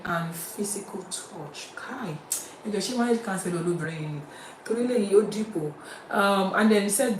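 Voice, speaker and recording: A woman with a Nigerian accent hosts a live-streamed talk show, chatting freely and reading viewer comments aloud. She moves between English and Yoruba. Her voice sits at a middle pitch and is heard from some distance in a roomy space, with faint ambience behind it. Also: slight background noise.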